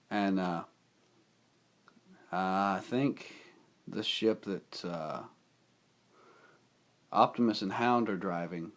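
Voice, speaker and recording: A man casually recapping a movie plot, rambling and excitable, his voice a bit rough from feeling unwell. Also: on the low side. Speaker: movie reviewer. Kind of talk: casual spoken film recap.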